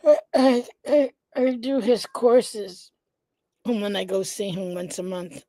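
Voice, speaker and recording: A congested woman hosting her live vlog in a casual, chatty way, often pausing with "um" and greeting viewers by name. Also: medium pitch, mellow, no echo. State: congested, nasal stuffiness. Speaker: vlog host, founder of an organization. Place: indoors at home.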